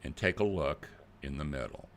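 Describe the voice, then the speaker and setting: An older man talks straight to his viewers in a plain-spoken, animated way. His voice is deep and gravelly, and his pitch rises and falls a great deal. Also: normal speed, slight background noise. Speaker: channel host. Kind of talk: casual video commentary.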